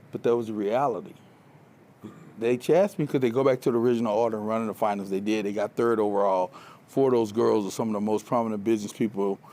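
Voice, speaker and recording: A man giving a motivational talk to a live audience, telling stories from his coaching days in an animated way and laughing along with them. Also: lowish voice. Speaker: keynote speaker, former track coach. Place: live event before an audience.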